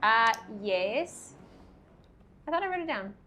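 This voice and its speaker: A woman's voice: a little high, big pitch swings, slow pace, pushed and bright, slight background noise. A woman playing a tabletop game, chatting casually and joking playfully with the table. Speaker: player.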